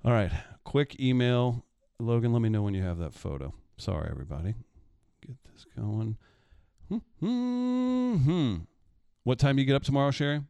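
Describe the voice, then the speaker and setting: A man's voice: mid-range voice, expressive, fast, vocal fry, dark tone, clear, resonant tone, no echo. A man in his thirties hosting a show in casual chat, laid-back, with short remarks. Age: 30s. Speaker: podcast host.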